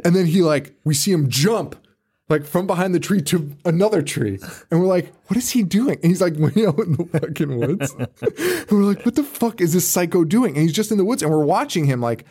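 A man's voice: a little high, lively intonation, a little fast, a little mellow, husky. A man co-hosting a podcast in casual chat, rambling through a story with lots of swearing and frequent laughter. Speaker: podcast co-host.

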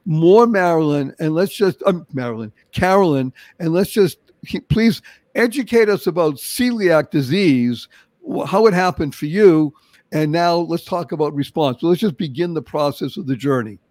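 Boston-accented male host, theatrical and emphatic, fairly high-pitched, dry booth. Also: animated, moderate pace, a little mellow, dry recording. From Boston, Massachusetts. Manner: emphatic, theatrical, acts out little scenes. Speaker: podcast host. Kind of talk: enthusiastic interview introduction.

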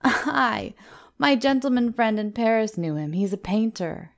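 A woman reading a story, voicing a worldly young woman who speaks softly and soothingly. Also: fairly high pitch, expressive, measured pace, vocal fry, voice pushed up. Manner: soft, soothing.

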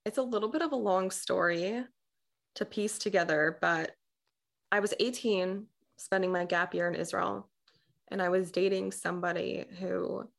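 A woman's voice: mid-range voice, vocal fry. A young woman chatting casually as a guest, telling a personal story and acting out the other people's lines with laughs. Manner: animated, acts out quoted dialogue with laughs.

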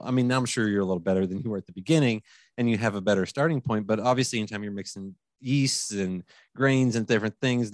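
A man's voice: fairly low pitch, no room sound, studio quality. A man hosting a podcast interview, asking long, friendly questions and often repeating words as he goes. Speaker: podcast host.

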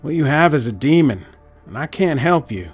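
A man's voice: fairly high pitch, expressive, normal speed, slightly rough, faint music behind, voice pushed up. A man doing a warbling Southern woman psychic. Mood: firm. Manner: warbling, pleading then sharply defensive. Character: firm Southern woman psychic, sympathetic but guarded.

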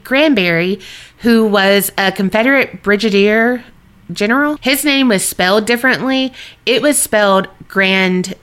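A woman's voice: mid-range voice, a bit bright. A woman co-hosting a podcast, chatting and telling a story, laughing easily. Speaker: podcast co-host. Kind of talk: casual chat and storytelling.

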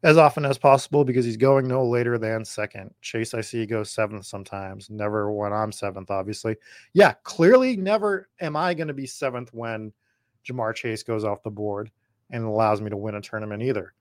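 A man's voice: fairly low pitch, fairly quick, no room sound, studio quality. A man hosting a podcast, talking in a rambling, chatty way as he drafts and answers viewer comments, his voice slightly worn. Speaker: podcast host. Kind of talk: casual live drafting commentary.

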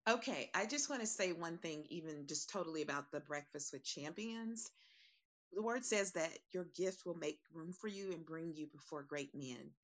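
A woman's voice: low-pitched, moderate pace. A woman calling into a live audio room from Kansas, speaking in a heartfelt and emphatic way. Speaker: caller.

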